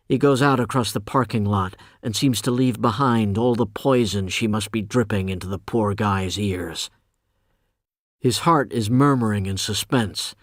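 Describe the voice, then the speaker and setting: A male audiobook narrator reading a literary novel in a measured, even way. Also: lowish voice, dry recording, studio quality.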